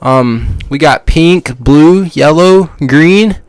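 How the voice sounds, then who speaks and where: A man's voice: a little high, expressive, drawn-out words, clear, resonant tone, dry recording, voice pushed up. A man voicing a friendly female store clerk answering the phone, hesitant and cooperative. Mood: obliging.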